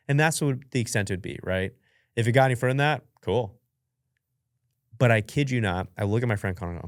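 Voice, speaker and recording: A man's voice: on the low side, fast talker, no echo. A young man hosting a podcast, telling stories and answering questions in a chatty, self-mocking way, acting out his own reactions. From United States. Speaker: podcast host. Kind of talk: casual storytelling and Q&A. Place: professional studio. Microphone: studio mic. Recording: dry.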